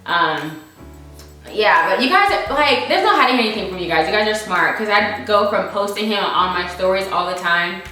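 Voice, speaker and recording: A woman's voice: medium pitch, expressive, moderate pace, bright, forceful tone, recorded from a distance. A young American woman chatting casually through viewer questions, emphatic and repeating her points for stress. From United States. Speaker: vlogger answering viewer questions. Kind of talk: casual Q&A chat. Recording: very echoey room, faint music.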